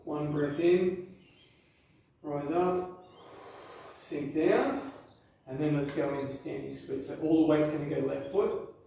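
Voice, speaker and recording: A man's voice: fairly high pitch, takes it slowly, gravelly, pauses often, mellow, slight background noise. Yoga instructor, male, encouraging cues, recorded far from the mic in a very echoey room. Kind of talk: guided workout instruction.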